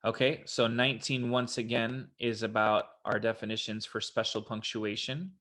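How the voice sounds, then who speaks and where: A man talking through test questions in a relaxed, conversational way, like a tutor walking a student through the answers one choice at a time. His pitch sits in a plain middle range. He is recorded on a desktop mic in a home office. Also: normal speed. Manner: casual, explanatory, quotes examples in a put-on voice. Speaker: SAT tutor. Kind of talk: online test prep walkthrough.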